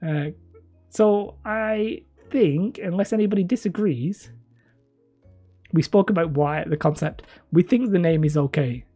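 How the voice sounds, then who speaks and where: A man's voice: a little high, mellow, slightly rough. A man from northern England chatting casually with viewers as a hobby channel host, mumbly and a little whiny, rambling and self-mocking. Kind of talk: casual live-stream chat.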